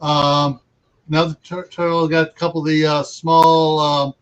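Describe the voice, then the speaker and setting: A man co-hosting a casual livestream chat, talking haltingly with many fillers as he searches for words. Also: on the high side, little pitch movement, smooth, dull audio.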